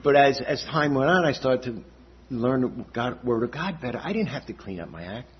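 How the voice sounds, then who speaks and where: Older guy telling his church testimony, super raspy voice, keeps asking "all right?", muffled low-fi recording. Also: animated, moderate pace. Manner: conversational, often checks in with "all right?" and "okay?". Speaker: church member giving testimony. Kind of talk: personal testimony. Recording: dull lo-fi recording.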